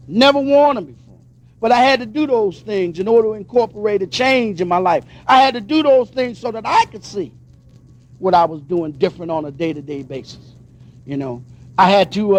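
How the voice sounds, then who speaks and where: A man from Pennsylvania giving a personal testimony speech at a recovery convention, telling his story emphatically and acting out the dialogue. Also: high voice. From Pennsylvania, USA.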